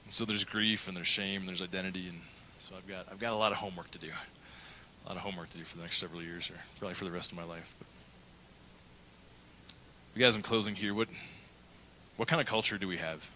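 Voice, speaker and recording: A man's voice: sits low, fairly even intonation, fast talker, pauses often, bright, forceful tone, a little hiss or hum, rough recording. A middle-aged male pastor preaching a sermon, telling a candid personal story and acting out the quotes. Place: church.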